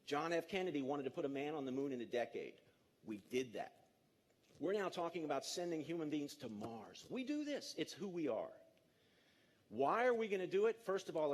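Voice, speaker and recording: A man in his fifties giving a lively, jokey conference talk to an audience in a large auditorium, coaxing the crowd along. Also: mid-range voice. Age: 50s. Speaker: speaker.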